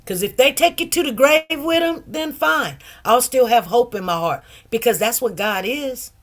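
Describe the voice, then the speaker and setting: A woman's voice: on the high side, animated, normal speed. A middle-aged woman, telling a personal story in a rambling, casual way, with many asides. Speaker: commentary channel host.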